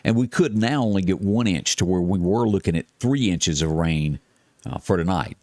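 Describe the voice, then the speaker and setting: Low-voiced Southern man reading weather. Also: dry recording, studio quality. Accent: Mississippi Southern US. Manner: relaxed, halting, with many fillers and restarts; reads long lists in a steady, even run. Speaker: morning show host giving weather and closings. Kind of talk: casual on-air chat and weather report.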